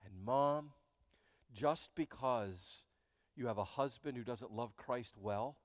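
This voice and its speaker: A man preaching a sermon as pastor, animated and joking, speaking straight to his congregation in a church. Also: mid-range voice, slow pace, dry recording, studio quality, long reverb tail. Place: church sanctuary.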